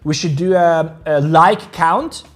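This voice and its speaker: A man's voice: fairly high pitch, slow, faint music behind. A man hosting a crypto trading livestream, rambling casually, swearing freely and joking with viewers about their likes. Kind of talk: casual livestream chat, reading viewer comments.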